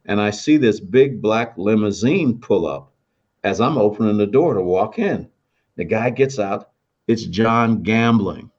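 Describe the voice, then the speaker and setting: Man, former radio DJ, animated storyteller, casual interview, muffled lo-fi sound. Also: fairly low pitch, a little slow. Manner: animated storyteller, acts out quoted voices.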